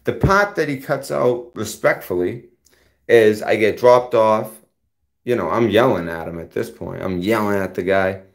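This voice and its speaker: A man's voice: fairly low pitch, a little slow, gravelly. A man hosting his own channel, delivering a confrontational, profane rant straight at a rival. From United States. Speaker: channel host. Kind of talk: heated rant to camera.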